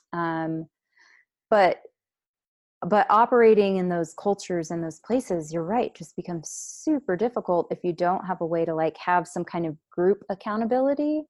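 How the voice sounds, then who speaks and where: A woman's voice: on the low side, animated, normal speed, a little mellow, no room sound, studio quality. A woman who leads a nonprofit program, answering interview questions in an earnest, explanatory way with many fillers.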